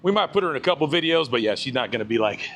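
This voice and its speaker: A man's voice: mid-range voice, expressive, rapid-fire, fairly bright tone. Laid-back man chatting on a walking livestream. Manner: laid-back, greets chat viewers by name. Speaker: live-stream vlogger. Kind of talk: casual live-stream chat while walking. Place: outdoors on a walk.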